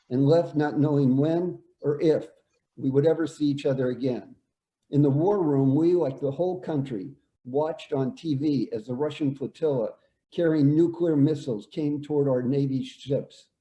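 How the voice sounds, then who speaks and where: An older man, a veteran, reading out his own war story in a measured, plain way. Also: on the high side, warm tone. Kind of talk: reading a prepared personal story. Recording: echoey room.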